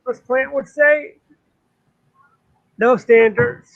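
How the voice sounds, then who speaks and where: Guy with a high voice ranting on a politics show, muffled lo-fi sound, lots of uhs. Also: steady tone, very slow, a bit bright. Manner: indignant, talks in long runs with many fillers. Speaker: co-host. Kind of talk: political commentary chat.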